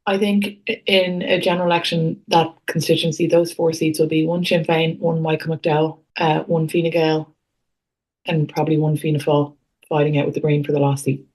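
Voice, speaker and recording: A woman's voice: sits low, level tone, a little fast, a little mellow. A woman co-hosting a political podcast, giving blunt, wry opinions with dry humour. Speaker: podcast co-host. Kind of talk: casual political chat.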